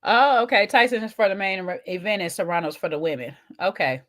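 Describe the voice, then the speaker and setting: A woman's voice: medium pitch, a little fast, a bit bright. A woman, co-hosting a casual chat show, talking to viewers while eating, with teasing asides. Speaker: podcast co-host.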